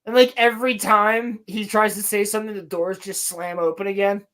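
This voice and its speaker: A woman's voice: mid-range voice, fairly even intonation, fairly quick, a bit bright. A woman co-hosting a podcast, animatedly and profanely retelling a TV episode in casual chat. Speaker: podcast co-host.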